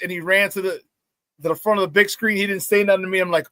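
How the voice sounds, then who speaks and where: High-voiced, fired-up sports talk man. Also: fast talker, no room sound. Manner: excited storytelling with many restarts. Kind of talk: casual sports talk show.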